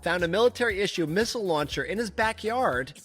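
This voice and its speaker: A man's voice: high voice, lively intonation, a little fast, fairly bright tone, soft background music. A man hosting a comedy podcast, reading odd news stories in a crude, rambling, offhand way. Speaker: podcast host.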